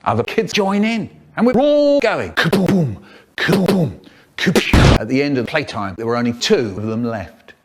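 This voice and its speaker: An older man telling comic stories in an expressive, playful way, cut up and remixed. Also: medium pitch, moderate pace, few pauses, very noisy. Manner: animated, expressive, playful voices.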